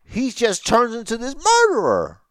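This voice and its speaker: A man's voice: very high-pitched, wildly swooping pitch, a little slow, crowd noise. A man co-hosting a podcast who talks in a blunt, joking way and swears casually. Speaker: podcast co-host. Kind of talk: casual chat.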